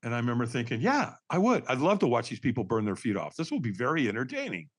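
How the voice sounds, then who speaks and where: Very animated and rapid-fire, a man with a medium-pitched voice tells a story on a podcast. He's a firewalking instructor appearing as a guest, performing the quotes in shifting voices and referring to the host as Doc.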